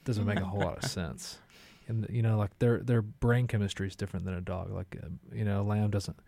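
A man's voice: lowish voice, steady tone, fast, vocal fry, mellow, dry recording. A man, a chef and restaurant owner, chatting casually as a guest in rambling, laid-back stories. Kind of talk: casual conversation.

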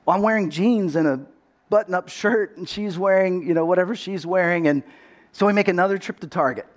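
Earnest high-voiced male pastor. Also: a little fast. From Texas. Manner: earnest, storytelling, often restarts words. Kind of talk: sermon.

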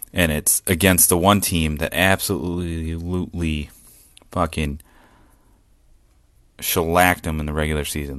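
Man, podcast host, very deep voice, dry sound, excited, profane, laughing. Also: dry recording. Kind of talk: solo sports podcast rant.

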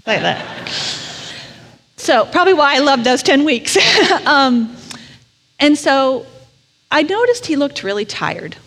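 Woman preacher telling a story, chatty and candid, kinda high voice, big echoey church. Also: very animated, slow, pauses often, a bit bright. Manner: conversational, candid and self-deprecating. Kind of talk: storytelling sermon. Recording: long reverb of a large hall.

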